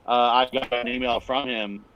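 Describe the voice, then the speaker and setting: A man's voice: medium pitch, steady tone, normal speed, slight background noise. Hesitant man with a dull sound. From San Francisco Bay Area. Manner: rambling, hesitant, many fillers. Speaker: podcast co-host. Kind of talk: casual chat.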